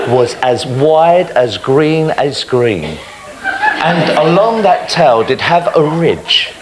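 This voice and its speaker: A middle-aged man hosting a studio show, teasing a child and spinning tall tales. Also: mid-range voice. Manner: teasing, spins tall tales, lively storyteller. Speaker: TV show host. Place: TV studio with a live audience. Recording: loud audience laughter and studio noise.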